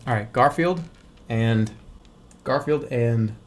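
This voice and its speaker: A man's voice: mid-range voice, slow, slight background noise. A man streaming a video game, joking and repeating himself as he talks back to it. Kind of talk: casual live-stream commentary.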